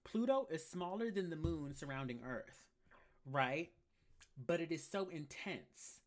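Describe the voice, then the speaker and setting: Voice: medium pitch, lively intonation, measured pace. A tarot reader hosts a live collective reading with a sassy, blunt delivery full of casual slang. Key phrases come again and again for emphasis, and comments from the chat get answered on the fly.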